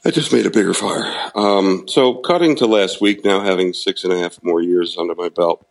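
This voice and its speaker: A man's voice: low voice, normal speed, gravelly, poor audio. A middle-aged man candidly telling a personal recovery story, frank and self-deprecating, laughing at himself now and then. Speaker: guest sharing recovery story.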